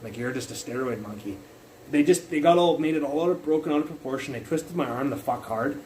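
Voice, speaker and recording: A young man speaking casually into a phone on a livestream. His story tumbles out in loose, profane bursts at an ordinary middle pitch. A faint background hum sits under his voice. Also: brisk, poor audio. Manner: rambling, profane, animated retelling.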